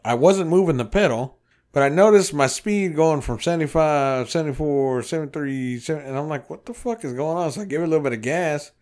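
His voice sits on the high side and moves a little fast. In a loose podcast conversation, this man spins a long road-trip story, cursing openly and doing lively impressions of everyone in it.

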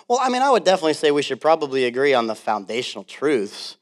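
Animated storytelling male pastor. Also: on the high side, rapid-fire, few pauses. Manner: animated storytelling with laughs and acted-out quotes. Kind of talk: sermon.

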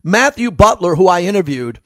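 A man's voice: high-pitched, sing-song, brisk, no echo. A man with a New York accent giving a solo sports commentary as host, in a conversational, rambling way.

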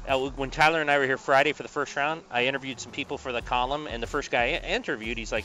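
A man's voice: medium pitch, quick pace, faint music behind, low-quality recording. A man co-hosting a sports talk show, telling stories and acting out the people in them. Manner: animated storyteller, acts out quotes. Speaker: sports radio co-host and columnist.

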